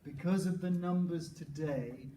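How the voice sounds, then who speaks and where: Male workshop presenter, slightly high voice, explains with fillers and restarts; distant mic in an echoey room. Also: measured pace, background noise. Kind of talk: teacher-training workshop talk. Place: crowded room.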